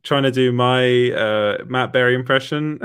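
A man's voice: medium pitch, a little slow, background noise. A young man hosting a livestream, reading viewer comments in a chatty way with frequent laughs and fillers. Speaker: livestream host. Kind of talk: casual live chat, reading viewer comments.

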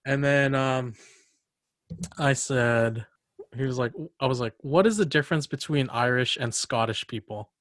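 A man's voice: medium pitch, unhurried, a bit bright, dry recording. Chatty young man with a dry close sound. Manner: rambling storyteller, many fillers and laughs. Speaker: podcast host. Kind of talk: casual chat.

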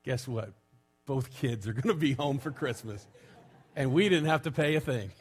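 A man's voice: mid-range voice, moderate pace, breathy edge, close to an everyday voice. A man voicing a grumpy older father from New York with a New York accent, blunt and exasperated. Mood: sly. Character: grumpy older father fed up with his wife.

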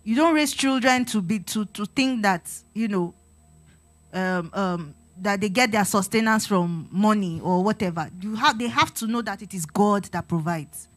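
A woman's voice: mid-range voice, moderate pace, soft background music. A woman giving a sermon-style talk to a congregation, earnest and exhorting, repeating her phrases and acting out talks with her children. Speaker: church speaker on parenting.

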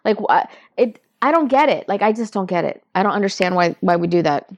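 A woman's voice: mid-range voice, lively intonation, brisk. A woman co-hosting a casual movie review chat, emphatic and questioning.

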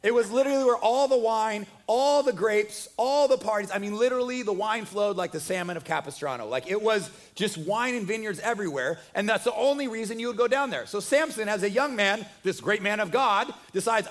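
A preacher with a fairly high male voice tells a story in a loose, chatty sermon. He jokes as he goes and keeps the retelling lively and conversational. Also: a little fast, few pauses. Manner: joking, conversational, animated retelling.

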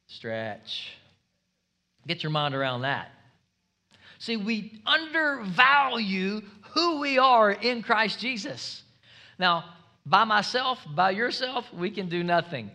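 A man preaching a sermon as pastor, energetic and humorous, building up to shouts. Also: high-pitched.

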